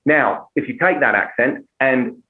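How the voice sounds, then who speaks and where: An animated man talking through his craft, sliding into quick demonstrations of voices as he goes. His pitch sits in an ordinary middle range. The sound is narrow and tinny, like a phone call. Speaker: comedian and impressionist guest. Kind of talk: casual podcast chat.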